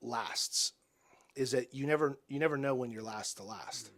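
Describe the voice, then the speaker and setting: A man in his forties, a podcast guest telling personal stories in an earnest, halting way, often restarting and dropping soft and quiet. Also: mid-range voice. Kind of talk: reflective personal storytelling.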